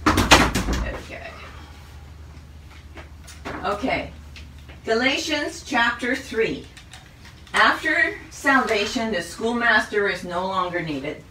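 A woman leading a Bible study lesson, going through the chapter in a measured way and reading out a list of questions. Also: fairly high pitch, expressive, echoey room, far from the mic, background noise. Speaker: Bible teacher.

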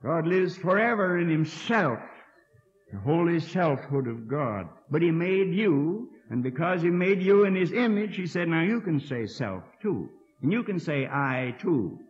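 This dull, lo-fi 1960 archive tape holds a sermon given in a college hall by a man in his sixties. His voice sits on the high side with big pitch swings, and he speaks unhurriedly, folksy and earnest, with dry asides and repeated words as he works through his thoughts.

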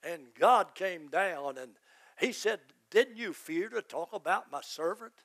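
A man, a pastor, preaching a fervent sermon that rises to shouts. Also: high-pitched, lively intonation, unhurried.

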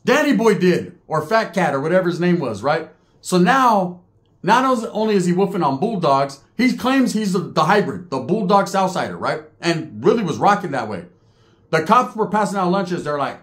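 Middle-aged man, storyteller; lively pitch, slangy, slips into others' voices. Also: moderate pace. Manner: street slang, animated retelling, mimics other inmates' voices. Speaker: podcast storyteller. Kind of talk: casual storytelling.

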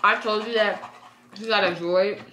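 A woman's voice: medium pitch, fairly even intonation, normal speed, a bit bright, slight background noise. A 22-year-old woman chatting slangily and animatedly in a casual diary vlog. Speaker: vlogger.

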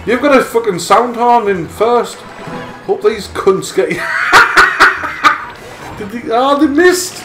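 A man's voice: extremely high pitch, lively intonation, unhurried. A man playing a racing game online and trading crude, swearing jokes with a friend. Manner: swears constantly, teasing, laughs a lot. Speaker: gamer. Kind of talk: crude joking gameplay banter. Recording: echoey room with game music.

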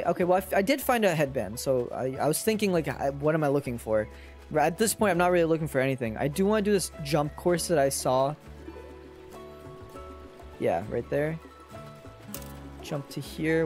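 A streamer giving casual let's-play commentary, talking to chat and thinking aloud while playing. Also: mid-range voice. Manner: chatty, talks to chat, often trails off quietly.

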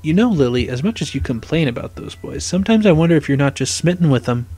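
Guy doing a cheeky excitable schoolgirl, teasing, higher pitched. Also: quick pace.

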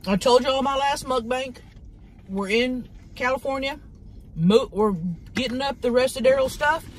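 A woman's voice: high-pitched, normal speed, slight background noise. A woman, chatting casually while eating on camera, drawling, affectionate and swearing freely. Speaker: mukbang host.

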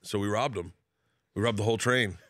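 Brief: comedian guest from Florida, forties, male; bright, animated storyteller who jumps into characters' voices; dry studio sound. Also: a little fast, dry recording. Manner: acts out characters with wild pitch jumps and laughter.

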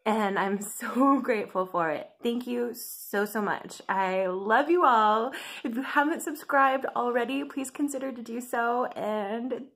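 A woman's voice: a little high, unhurried, fairly bright tone. A woman vlogger talking in a casual, gushing and emotional way to her viewers, laughing often. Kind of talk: casual weight-loss vlog.

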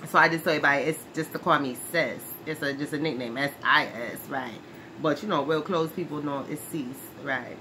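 A woman's voice: low-pitched, fairly quick, natural voice. A woman playing a brash, streetwise former brawler who is touchy about her name, in a comedy skit monologue. She talks in slang, laughs often and keeps asking "right?". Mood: chatty. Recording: noisy background hiss.

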